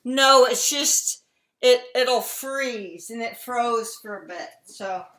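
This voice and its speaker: A woman's voice: on the high side, takes it slowly, fairly bright tone, a little hiss or hum. A woman teaching an online singing lesson, coaching and singing short lines to show how. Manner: demonstrates lines by singing them. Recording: echoey room over a video call.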